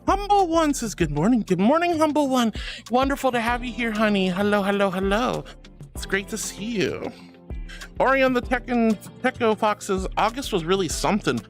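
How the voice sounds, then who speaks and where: Fields: Speaker: bubbly woman streamer. Pitch: lively. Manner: bubbly, affectionate, giggly. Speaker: VTuber streamer. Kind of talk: casual live-stream chat.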